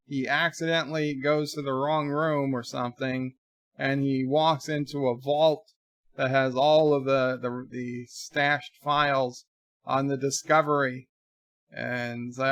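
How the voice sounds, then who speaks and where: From a home room, a man hosts a casual livestream, reading viewer letters aloud and riffing on them with rambling jokes. His mid-range voice is slightly bright, flat, and unhurried, captured in clean, studio-quality audio with no room sound.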